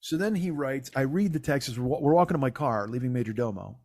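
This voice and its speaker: Fast-talking profane male comedian. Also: medium pitch, no echo, studio quality. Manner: profane, animated, acts out quoted dialogue. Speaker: comedy podcast host. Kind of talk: casual storytelling chat.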